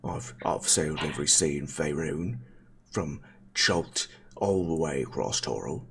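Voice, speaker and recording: Man plays a deep, husky Cockney dwarf sailor, excitable and boastful. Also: unhurried, exaggerated voice. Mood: chatty. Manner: startled, then chatty and boastful.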